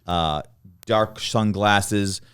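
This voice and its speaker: A middle-aged man hosting a podcast, telling a casual anecdote with animated energy and frequent laughter. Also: lowish voice, extremely slow, a crowd in the background. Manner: animated, laughs through his own anecdotes. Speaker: podcast host. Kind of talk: casual storytelling chat.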